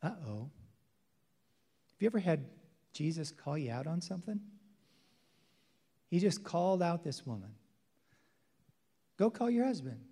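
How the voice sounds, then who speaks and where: A male pastor preaching a sermon with emphasis, swinging between loud declarations and hushed, intimate passages. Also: a little high, very animated, moderate pace, long pauses, breathy edge. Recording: long hall reverb.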